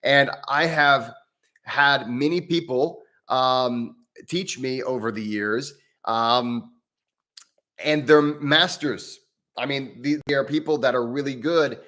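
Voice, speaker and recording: A man working as a breathwork coach hosts a live Q&A, earnestly explaining and thinking aloud as he answers member questions. His voice is medium-pitched and slow with a sharp tone.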